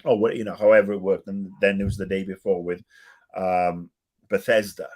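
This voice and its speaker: A man's voice: deep voice, flat delivery, moderate pace. A middle-aged British man co-hosting a casual podcast, opinionated and rambling, swearing and restarting his sentences. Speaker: podcast co-host.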